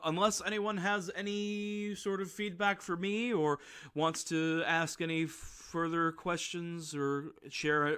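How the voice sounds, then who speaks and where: A man's voice: fairly high pitch, sharp tone, smooth. A man running a tabletop game, chatting hesitantly with plenty of fillers over a video call. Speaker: game master. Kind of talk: casual chat after a tabletop game.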